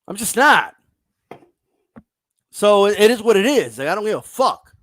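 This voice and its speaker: A man's voice: sits high, big pitch swings, moderate pace, a bit bright, no room sound. A man hosting a casual boxing livestream, ranting bluntly and profanely and reading viewer comments aloud.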